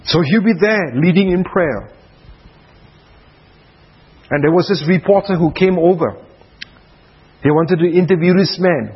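A man preaching a sermon at a prayer retreat, dramatic, dropping to soft hushed passages. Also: high voice, animated, measured pace, long pauses, slightly rough, highs cut off.

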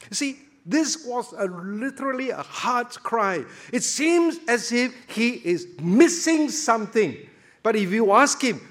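A man's voice: sits high, sing-song, a little slow, fairly bright tone. A man preaching a sermon, emphatic, full of rhetorical questions and repeated words.

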